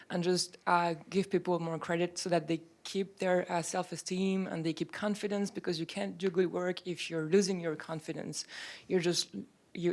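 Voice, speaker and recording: A woman hosting a university seminar, making a thoughtful, halting comment in an auditorium. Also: lowish voice, gravelly, a little mellow. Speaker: institute director hosting the seminar.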